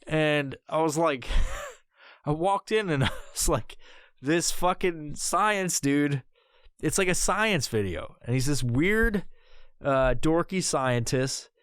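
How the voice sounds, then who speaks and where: A podcast host spins a loose, curse-filled comedic story, wandering from one thought to the next. His voice sits a bit higher than most men's. The sound is dry and close to the mic. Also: expressive, takes it slowly, fairly bright tone, clear, resonant tone, no room sound. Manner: rambling and heavily profane.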